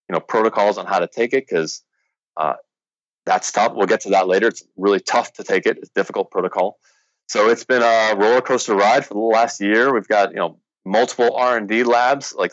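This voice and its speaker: Low-voiced rambling male founder. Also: fairly bright tone, dry recording, muffled recording. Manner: rambling, many fillers. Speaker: founder of a sports drink company. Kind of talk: casual interview storytelling.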